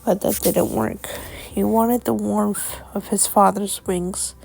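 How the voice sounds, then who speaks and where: A woman's voice: medium pitch, steady tone, gravelly, a little mellow, slightly rough, low-quality recording. A woman telling a storybook tale dramatically, often correcting herself as she goes. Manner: slow, self-correcting, dramatic. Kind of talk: emotional storybook narration.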